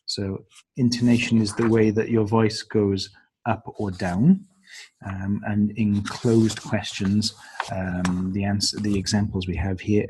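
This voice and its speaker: A man's voice: lowish voice, level tone, unhurried, a little mellow, slight background noise. A man explaining the stages of a lesson plan to trainers, with frequent ums and uhs. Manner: hesitant, many ums and uhs. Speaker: teacher trainer. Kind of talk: instructional walkthrough of a lesson plan.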